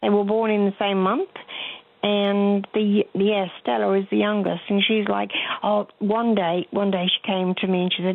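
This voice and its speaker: A woman's voice: mid-range voice, fairly even intonation, normal speed, gravelly, no echo. An older woman, calling in to a radio show and telling a rambling, chatty story. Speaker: caller. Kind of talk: phone-in chat. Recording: tinny phone line.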